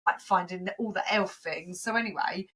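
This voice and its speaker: A woman's voice: moderate pace, breathy edge. A woman chats casually as a podcast co-host. She tells stories with lots of energy and slips into the voices of the people in them. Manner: animated storyteller, acts out quotes in high shrieks. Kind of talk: casual chat.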